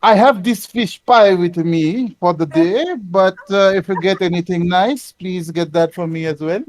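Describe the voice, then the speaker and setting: A man speaking in character as a tabletop game player, in a halting way with lots of stammered restarts. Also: high-pitched. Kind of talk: in-character tabletop role-play.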